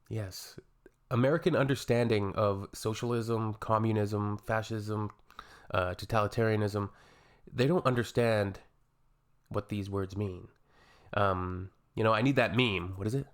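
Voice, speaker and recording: A man from Canada with a lowish voice hosts a casual reaction video. He reads comments aloud and answers them with dry, sarcastic jokes. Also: normal speed.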